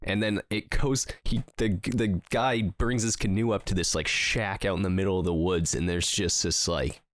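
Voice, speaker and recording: A man's voice: low voice, steady tone, normal speed. A man co-hosting a podcast, chatting casually and rambling through stories with lots of fillers and laughter. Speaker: podcast co-host. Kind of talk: casual chat.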